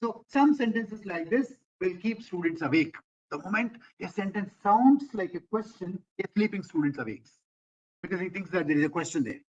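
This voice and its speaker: A man's voice: high-pitched, lively intonation, moderate pace, a little mellow, muffled recording, a little hiss or hum. A man, training teachers in an online lecture and quoting classroom phrases. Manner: asks questions of remote centers, quotes classroom phrases.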